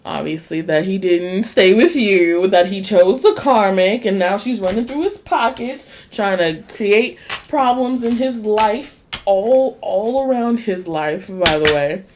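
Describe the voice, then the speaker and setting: A woman's voice: medium pitch, expressive, a little mellow, slight background noise. Sassy, profane woman tarot reader. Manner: blunt, sassy and slangy, swears freely; laughs often, drawn-out speech. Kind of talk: casual tarot reading.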